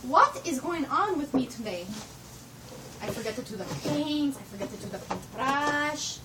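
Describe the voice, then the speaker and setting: In a room at home, a roommate plays around with a giggly fake foreign accent, mangling her grammar and dropping in stray "to the" bits. Her high voice has lively intonation at normal speed, captured in a noisy home video shot from a distance.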